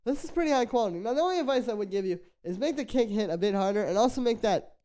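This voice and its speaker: A man's voice: sits high, animated, racing, dark tone. A young man who produces music, giving loose, filler-heavy feedback on tracks in a casual live stream. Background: faint music from played tracks.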